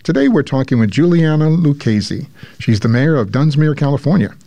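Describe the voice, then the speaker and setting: A man's voice: a little high, expressive, normal speed, dark tone, dry recording. Man hosting a radio talk show. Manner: friendly, conversational questioning. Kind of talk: public radio interview. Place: radio studio. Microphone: studio mic.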